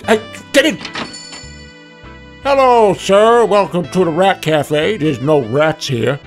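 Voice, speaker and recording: A man's voice: sits high, lively intonation, slow pace, soft background music, full character voice. A man voicing a nervous rat posing as a café owner, talking in improvised comedy role-play with stammering denials.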